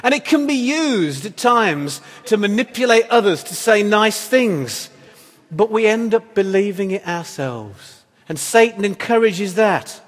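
A man's voice: high-pitched, expressive, measured pace. A man preaching a sermon as pastor, in a conversational, wry style full of rhetorical questions. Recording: echoey hall reverb.

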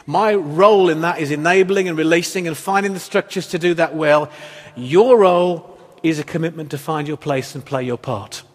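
A man's voice: a little high, normal speed. A man preaching a sermon as pastor, earnest and emphatic, with rhetorical questions. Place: church hall. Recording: long hall reverb.

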